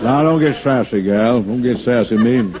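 A man's voice: medium pitch, moderate pace, over a noisy crowd, natural voice. Guy doing a brash drawly cowboy villain, crackly muffled old radio comedy. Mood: cocky. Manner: drawling, cocky, jokey. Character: swaggering outlaw cowboy villain, boastful. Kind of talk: 1940s radio comedy acting. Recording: hissy lo-fi old radio recording.

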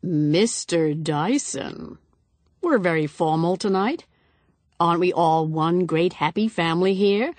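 A woman's voice: lowish voice, moderate pace, no echo, lightly acted. A woman voicing a tipsy, overfamiliar middle-aged man who drawls jovially.

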